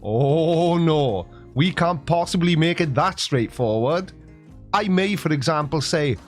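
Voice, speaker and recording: A man's voice: a little high, lively intonation, a little slow, soft background music. A Welsh man in his forties with a sarcastic, jokey delivery, giving a comic monologue. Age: 40s. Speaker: YouTuber.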